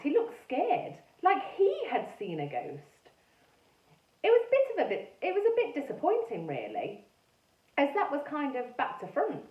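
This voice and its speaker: A woman teacher reads a children's story aloud with a highly animated, swooping delivery. Her voice sits on the higher side. The recording is roomy and a bit dull, with the mic some distance away. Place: classroom or school room. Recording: echoey room, mic far off, dull sound.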